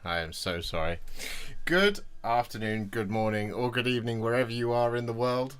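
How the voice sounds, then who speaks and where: A man greets viewers on a casual livestream while building models, chatty and self-deprecating, reading the chat aloud. His voice is mid-range, fairly bright and clean, at a moderate pace.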